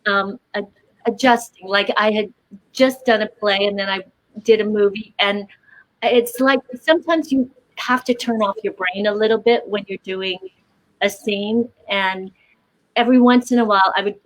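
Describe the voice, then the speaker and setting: A woman's voice: mid-range voice, normal speed, poor audio. A woman actor on a festival panel, chatty and self-deprecating, with many hesitant fillers. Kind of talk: panel discussion.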